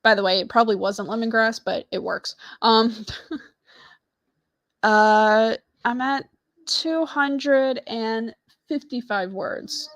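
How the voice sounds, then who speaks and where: A woman's voice: fairly high pitch, fairly even intonation, takes it slowly, fairly bright tone, no echo. Female livestream host at home, casual and rambling, full of restarts; dry, close sound. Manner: rambling, many fillers and restarts, self-deprecating. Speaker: host of a live writing show. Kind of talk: casual chat, retelling a story.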